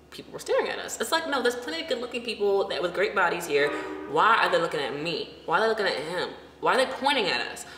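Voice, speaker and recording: A young woman in her twenties, telling a travel story in a casual vlog and acting out the quotes in a lively way. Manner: animated storyteller, acts out quotes in a high voice. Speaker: vlogger. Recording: echoey room with faint noise.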